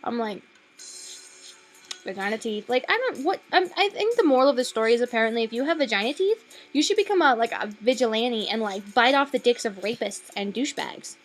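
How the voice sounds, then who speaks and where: Young woman ranting about a movie, kinda high voice that jumps all over, sweary and sarcastic, lots of likes and ums. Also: expressive, a little fast. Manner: sweary, sarcastic, rambling with many fillers. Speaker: vlogger reviewing a film. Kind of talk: casual rambling film review.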